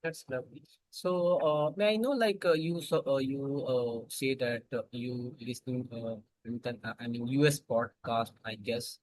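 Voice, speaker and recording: A man with an Indian accent in a casual English practice chat, halting and searching for his words. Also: mid-range voice, fairly even intonation, darkish tone, no room sound, poor audio.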